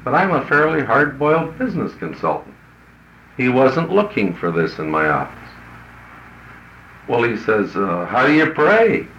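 A man's voice: medium pitch, big pitch swings, normal speed, pauses often, a bit bright, slight background noise. Folksy, blunt man in a roomy room. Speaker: business consultant. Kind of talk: storytelling talk to an audience. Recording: roomy, dull lo-fi recording.

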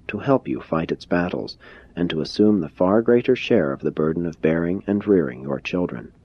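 A man reading the lines of a gentle, persuasive adult male teacher in a measured, earnest and courteous manner. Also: deep voice, slightly rough. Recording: dull lo-fi recording.

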